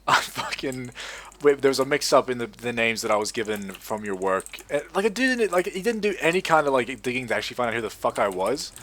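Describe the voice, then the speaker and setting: A man's voice: medium pitch, fast. A young man telling a rambling story full of swearing, then commentating his own game in a casual way. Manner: swears a lot, rambling and animated. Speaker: gaming video creator.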